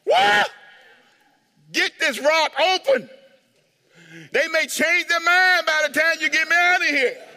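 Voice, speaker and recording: A laid-back, slangy prophet jokes his way through danger, as a preacher voices him. His voice sits high and bright. A long reverb hangs in the hall. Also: very animated, slow, long pauses, heavily acted. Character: calm, casual, joking male prophet.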